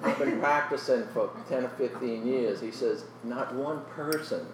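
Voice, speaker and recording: Middle-aged man, earnest testimony, slips soft and emotional, echoey room with a distant mic. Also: mid-range voice, a little slow, heavy background noise. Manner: earnest storytelling, often drops to a soft, emotional voice. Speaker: guest sharing his testimony. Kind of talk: personal testimony in a Christian interview.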